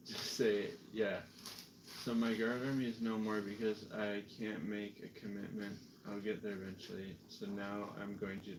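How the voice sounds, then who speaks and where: A man's voice: fairly low pitch, fairly even intonation, measured pace, noisy background. A Canadian man chatting in a rambling, self-mocking way while painting miniatures on a stream, a little tipsy. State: tipsy from drinking. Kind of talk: casual chat while painting.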